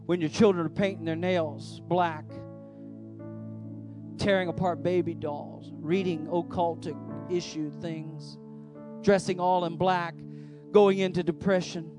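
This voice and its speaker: A man preaching a sermon as the pastor of a church service, emphatic, swinging between loud declarations and hushed lines. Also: high-pitched, fairly even intonation, moderate pace. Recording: faint music behind.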